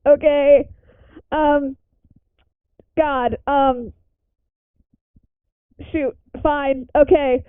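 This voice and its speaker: Woman player, slow, hesitant narration, dry phone-like sound. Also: high voice, steady tone, no room sound. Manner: hesitant, many fillers. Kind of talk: casual tabletop narration. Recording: tinny phone-like call audio.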